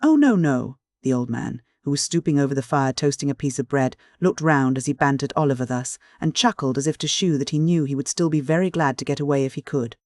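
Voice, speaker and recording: A man's voice: mid-range voice, fairly even intonation, fast, hardly any pauses, darkish tone, no echo, clean studio sound. Man reading a classic novel aloud. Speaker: audiobook reader. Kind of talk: scripted audiobook narration.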